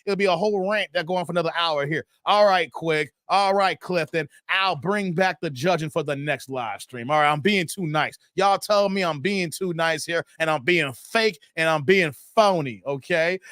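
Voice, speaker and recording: A fairly high-pitched man hosts a casual livestream. He talks straight to his viewers in an animated way, chuckles often and reads the chat aloud. The sound is close and dry, with no room echo. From Chicago. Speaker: livestream host.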